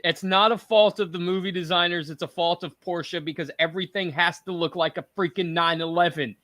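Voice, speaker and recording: A man's voice: high voice, steady tone, a little fast, sharp tone, dry recording. A man hosting a casual panel chat, talking in emphatic, rambling rants. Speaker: podcast host.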